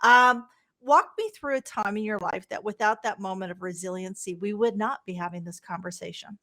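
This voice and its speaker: A woman's voice: medium pitch, normal speed, bright, forceful tone. A woman hosting a podcast interview, chatty and informal as she asks her guest questions. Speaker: podcast host.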